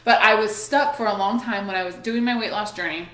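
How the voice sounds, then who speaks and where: A woman's voice: mid-range voice, brisk. A woman in her thirties hosts a casual motivational chat, blunt and full of swearing. She laughs often between her stories. Her voice rings out in an echoey room. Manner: candid and animated, swears freely, laughs often. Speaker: host.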